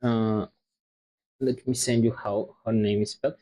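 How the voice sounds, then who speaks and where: A man streaming and chatting casually, teasing his friends in a halting way. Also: on the low side, little pitch movement, mellow. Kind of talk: casual chat on a live stream.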